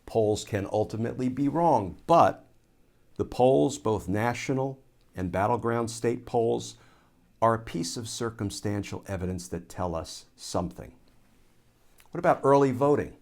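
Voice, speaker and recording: A former Army lawyer from the United States, a man giving solo commentary, explaining points in a measured way and restating phrases for emphasis. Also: medium pitch, creaky, a little mellow.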